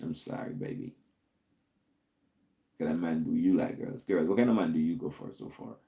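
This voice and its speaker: A man's voice: a bass voice, quick pace, vocal fry, warm tone. A man hosting a call-in stream, musing aloud in a casual, hedging, teasing monologue.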